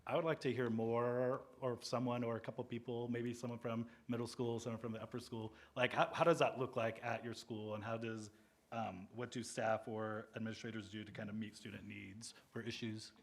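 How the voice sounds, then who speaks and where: A man's voice: mid-range voice, little pitch movement, a little fast. Man moderating a student panel. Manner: encouraging, asks questions. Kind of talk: meeting discussion.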